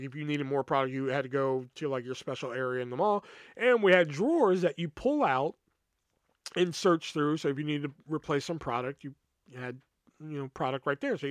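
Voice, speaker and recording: A young man tells a story from his old job in a loose, swearing, animated way, quoting everyone he talked to. His voice sits a little higher than most men's. The sound is dry and close, with no room echo. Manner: profane, animated retelling with quoted dialogue. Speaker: podcast host. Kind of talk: casual storytelling.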